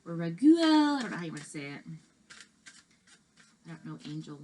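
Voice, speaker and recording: A woman's voice: deep voice, little pitch movement, fast, heavy background noise. A woman reading tarot cards in a casual, chatty and reassuring way, with many fillers and restarts. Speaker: tarot reader.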